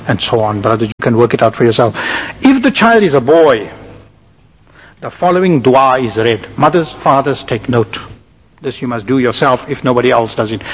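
An Islamic preacher with a husky, mid-range voice lectures on religion, guiding listeners step by step and checking in with "all right?" along the way. The lo-fi recording sounds dull and has a long hall reverb.

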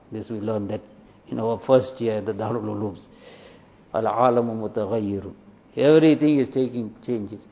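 A man delivers a sermon in a mid-pitched voice, earnest and given to repeating himself. He weaves Urdu verse lines into his talk. The recording sounds slightly dull and lo-fi. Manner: earnest, repetitive, mixing Urdu verse with English. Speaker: Islamic preacher.

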